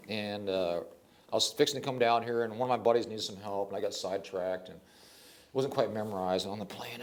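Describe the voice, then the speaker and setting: An older man, a poet, telling stories in a casual interview, animated and rambling, with frequent restarts. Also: lowish voice.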